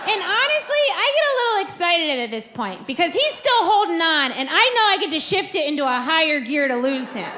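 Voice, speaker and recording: A woman performing a stand-up comedy set, telling a story and acting out quoted lines with animated delivery. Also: very high-pitched, fairly quick, few pauses. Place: comedy club stage with audience. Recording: live club recording with crowd noise. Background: audience laughter.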